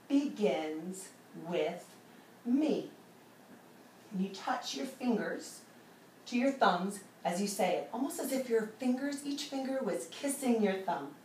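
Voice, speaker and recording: A woman teaching a children's yoga class, her voice rising and falling in a playful, encouraging sing-song. She speaks slowly and warmly to the kids, captured from a distance in a roomy space with faint ambience behind her. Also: on the high side, slight background noise.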